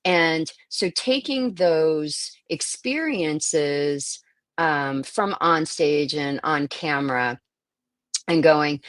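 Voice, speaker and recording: Low-pitched woman voice actor, interview chat, dry close sound, lots of ums. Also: extremely slow, no echo. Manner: thoughtful, searching, many fillers and restarts. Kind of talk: interview conversation.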